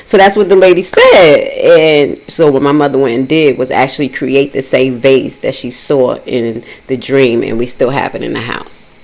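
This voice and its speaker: Woman, casual storyteller, swears freely, jumps into a high voice for the quoted lines. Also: normal speed, hardly any pauses, poor audio. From Haitian family. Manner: animated, profane, acts out dialogue in a higher voice. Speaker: host telling a personal story.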